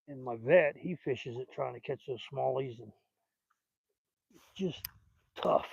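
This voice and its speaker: A man's voice: mid-range voice, measured pace, gravelly, darkish tone, husky, no echo, lo-fi sound. An older man with a Southern US accent, rambling in a folksy, casual way while fishing outdoors at a lake. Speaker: fishing vlogger.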